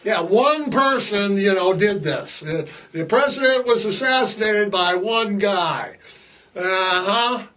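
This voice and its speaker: An older man in his sixties hosts a podcast with a high, bright voice, ambling along slowly and leaning hard on sarcasm. He sits a little back from the mic, so the sound is slightly distant. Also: lively intonation. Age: 60s. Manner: sarcastic, jokey, drawn-out emphasis. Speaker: podcast host. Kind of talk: rambling casual monologue.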